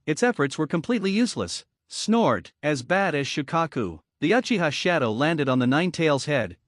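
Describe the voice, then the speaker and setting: A man narrating an anime story recap in an even, flat reading. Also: a little high, dry recording, clean studio sound.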